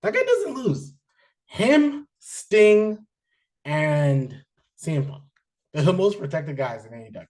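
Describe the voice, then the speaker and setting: A man hosting a wrestling podcast, chatting casually with many fillers and restarts, getting animated when excited. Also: fairly high pitch, slow, pauses often. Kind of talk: casual chat, reviewing wrestling.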